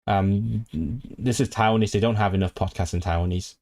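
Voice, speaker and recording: A man's voice: on the low side, fairly even intonation, brisk, a little mellow. A man hosting a casual language-learning livestream. He rambles and restarts often, reads viewers' chat messages aloud, and talks eagerly about languages. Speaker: language streamer.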